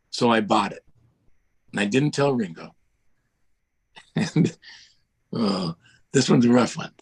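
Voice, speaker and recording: Husky man telling animated stories. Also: mid-range voice. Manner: lively, acts out voices in his anecdotes. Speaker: guest record producer. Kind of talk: animated storytelling. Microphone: video call.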